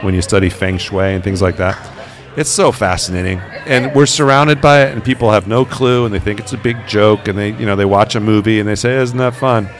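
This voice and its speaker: A man, a paranormal investigator, telling stories in a relaxed interview and acting out the quoted voices. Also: fairly low pitch, a little fast. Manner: animated, acts out quoted voices. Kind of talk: conversational interview storytelling.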